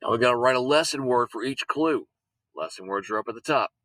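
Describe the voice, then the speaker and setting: A man teaching a lesson, patient, repeating words and sounding them out slowly. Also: medium pitch, expressive, pushed and bright, dry recording, rough recording. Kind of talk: recorded classroom lesson on syllables.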